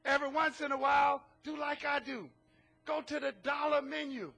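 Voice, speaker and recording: A man pastor preaching a sermon, animated and often shouting, with humorous asides. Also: very high voice, normal speed, vocal fry, soft background music.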